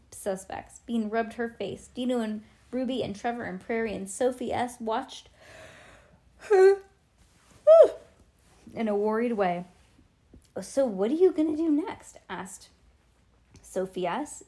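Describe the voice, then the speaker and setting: A woman's voice: fairly high pitch, measured pace, warm tone. A woman reading a children's book aloud in a playful way, adding chatty asides to her listener. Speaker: storybook reader.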